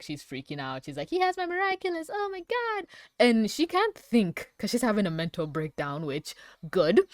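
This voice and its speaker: A woman reviewing a cartoon episode in reaction commentary, swearing freely, ranting, and often breaking into laughter. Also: fairly low pitch. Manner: profane, laughing often, rants. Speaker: animated series reviewer.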